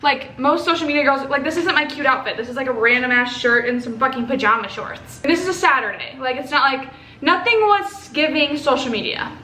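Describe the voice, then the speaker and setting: A young woman from Texas telling a story to camera in a casual, animated way, swearing and acting out what others said. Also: high-pitched, fairly quick. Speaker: vlogger. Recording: echoey room with faint ambient noise.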